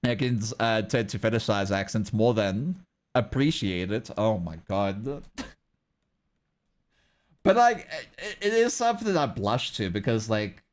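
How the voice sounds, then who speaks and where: A young South African man with a South African accent chats casually with his livestream viewers, rambling in a lively way and laughing often. His voice is lowish and his pace measured.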